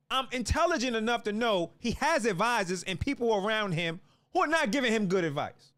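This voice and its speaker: A man ranting through an angry commentary monologue in a high voice that leaps all over the place. He speaks with fire and often stumbles and restarts his words. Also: expressive, fairly quick, a bit bright. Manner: fiery, restarts and repeats words. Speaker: political commentator.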